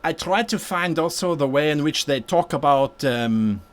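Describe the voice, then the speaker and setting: A man's voice: a little high, expressive, moderate pace. Rambling man chatting on a live stream. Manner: rambling, self-interrupting, repeats words; talks while painting miniatures. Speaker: host answering viewer questions on game mastering. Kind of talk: casual live-stream chat.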